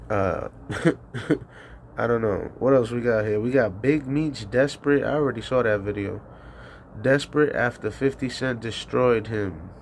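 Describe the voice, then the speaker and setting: A man's voice: mid-range voice, unhurried, slight background noise. A man hosting a call-in livestream, rambling casually with profanity and frequent laughter. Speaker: call-in show host.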